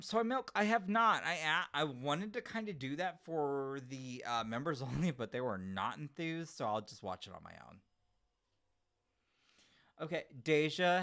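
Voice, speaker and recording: Lively, giggly man hosting a livestream. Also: fairly high pitch, clean tone. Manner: animated, giggly, replies to chat comments. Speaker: livestream host reading chat. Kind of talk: casual livestream chat.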